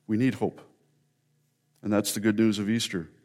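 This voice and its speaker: A middle-aged male pastor giving an Easter sermon, telling a story earnestly with rising emphasis and pauses. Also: on the low side, level tone, darkish tone.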